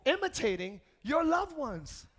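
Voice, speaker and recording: A man preaching a sermon as pastor, calling out to the congregation and dropping into quiet joking asides. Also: very high-pitched, sing-song, a little slow. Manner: preaching with shouts and call-and-response; drops to quiet asides and laughs. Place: church.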